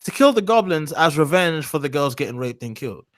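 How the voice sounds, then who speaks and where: Animated man rambling in mocking chat. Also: a little high, fairly quick. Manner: rambling and mocking, trips over restarts. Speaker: stream co-host. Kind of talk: casual chat.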